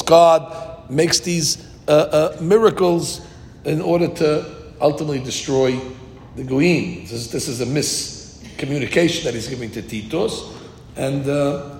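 A man teaching a Talmud class, moving between explanation and storytelling and lifting his voice whenever he quotes Hebrew verses. His voice sits at an ordinary middle pitch and carries a long reverb through a large hall, with a faint low rumble underneath. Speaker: Torah teacher.

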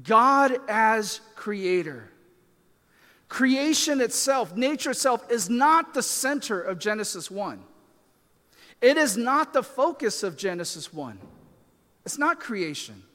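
A man's voice: very high voice, big pitch swings, slow pace, sharp tone, long reverb tail. A man preaching a sermon as a pastor, talking in a conversational way with fillers and self-deprecating asides.

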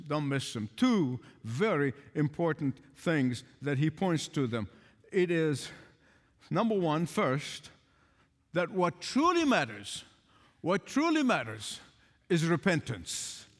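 A man preaching a sermon as pastor, emphatic, pushing up loud on key points and chuckling between them. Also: a little high, big-room sound.

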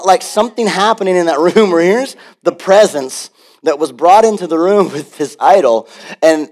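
A man pastor preaching a sermon in an animated, conversational way, with frequent asides. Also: a little high.

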